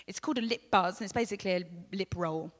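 A woman from England, teaching a live vocal masterclass, chatty and demonstrative, with loud sung demos and soft asides. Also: medium pitch, fast talker. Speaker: vocal coach. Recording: long hall reverb.

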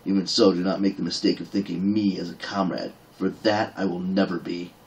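A man doing a growling gruff dwarf. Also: sits low, fairly even intonation, brisk, distant mic, muffled recording. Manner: growling, archaic speech. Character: gruff grudging male dwarf warrior.

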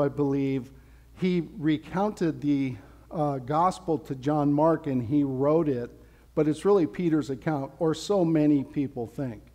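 Casual pastor in an echoing church. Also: male voice, fairly high pitch, dark tone. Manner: casual, conversational, playful asides. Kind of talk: sermon. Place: church sanctuary. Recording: long hall reverb.

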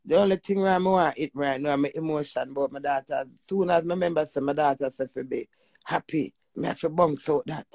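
A woman's voice: deep voice, fairly quick, a little mellow, no room sound. A woman hosting a live chat, talking emotionally and praying in an emphatic, preacherly way. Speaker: livestream host.

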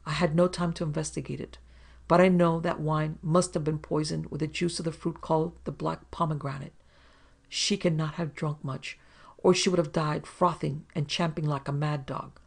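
A woman voicing a fierce, loyal male Afghan tribesman warrior who speaks in a slow, solemn way. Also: a little high, flat delivery, gravelly.

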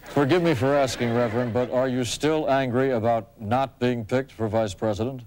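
A man playing a TV news anchor who moderates a debate, in a measured anchorman delivery. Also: medium pitch, steady tone, darkish tone, close to an everyday voice, rough recording.

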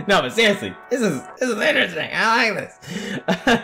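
Laughing woman gamer with lively pitch. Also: normal speed, soft background music. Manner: laughing, exaggerated reactions. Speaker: gaming YouTuber. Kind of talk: let's play commentary.

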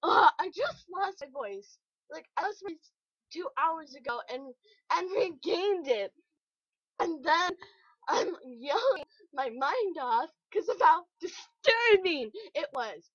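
This woman's voice sits high and bright, and she talks slowly between excited exclamations and quick apologies. It is a dry, dull, lo-fi recording. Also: no echo. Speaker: video host. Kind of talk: reaction commentary.

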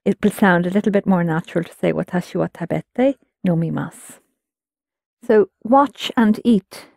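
A woman's voice: on the low side, moderate pace, vocal fry, a little mellow, no room sound, studio quality. Patient woman teaching a language class. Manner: patient, explanatory, prompts students. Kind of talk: guided language lesson.

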